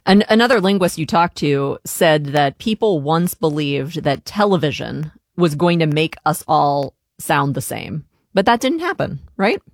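A woman from Pittsburgh who hosts a public radio show, asking measured, conversational questions. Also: low-pitched, animated, dry recording, clean studio sound. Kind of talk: radio interview.

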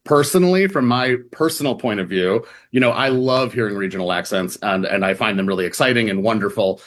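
A man's voice: on the low side, fairly quick, a little hiss or hum. Man from the Midwest, radio interview guest, conversational and filler-heavy. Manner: chatty, lots of fillers and "like". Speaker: reporter guest.

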